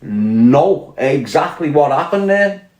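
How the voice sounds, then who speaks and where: A man from Liverpool, England, with a Scouse accent and a fairly high, sing-song, slightly mellow voice speaks slowly in an echoey room. On a casual livestream he rants bluntly and combatively, swearing as he reads and answers viewers' chat.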